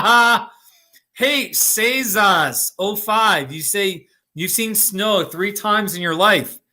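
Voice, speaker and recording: A middle-aged American man in Colorado hosts a relaxed livestream, reading comments and greeting viewers by name. His voice is fairly high and very bright, and he talks at an easy, unhurried pace, chatty and quick to laugh.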